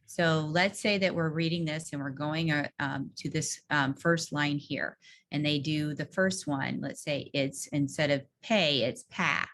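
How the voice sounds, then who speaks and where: A woman's voice: low-pitched, unhurried, fairly bright tone. A woman leading an online teacher training workshop over a video call, explaining a reading routine step by step and modelling the prompts she gives in class. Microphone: video call microphone.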